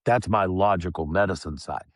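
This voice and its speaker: A man speaking as a podcast guest, telling his own story in a plain, calm and reflective way. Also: sits low, moderate pace, dry recording, clean studio sound. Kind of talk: candid personal storytelling.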